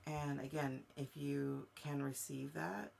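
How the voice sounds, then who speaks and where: Halting, gravelly-voiced woman medium. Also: low-pitched, steady tone, a little mellow, a little hiss or hum. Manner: halting, searching speech full of fillers; speaks directly to a viewer. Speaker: psychic medium host. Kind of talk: live-streamed spirit reading.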